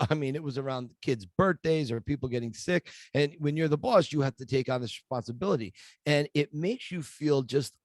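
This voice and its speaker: A middle-aged man, a guest in a podcast interview, telling stories in a lively way and acting out the voices of people he quotes. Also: fairly high pitch, brisk, dry recording.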